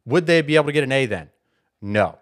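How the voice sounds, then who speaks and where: A man's voice: medium pitch, animated, fast talker. Emphatic argumentative male Bible teacher. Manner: argumentative, emphatic, repeats words for stress. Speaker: Bible teaching video host. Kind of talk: casual apologetics monologue.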